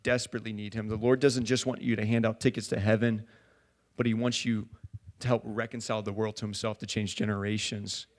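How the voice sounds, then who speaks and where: A man preaching a sermon in a church, talking casually with many fillers and building to loud fervor. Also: on the low side, level tone, brisk. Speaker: pastor.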